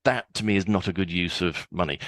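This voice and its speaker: A man's voice: low-pitched, quick pace, fairly bright tone, dry recording. A man in his sixties, a guest on a podcast interview, chatty and often repeating words as he starts a sentence.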